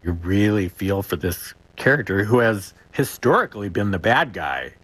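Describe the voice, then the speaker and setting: A man's voice: on the low side, big pitch swings, moderate pace, a bit bright, no room sound, soft background music. A man being interviewed as an actor guest, talking in a chatty way with frequent chuckles and restarts.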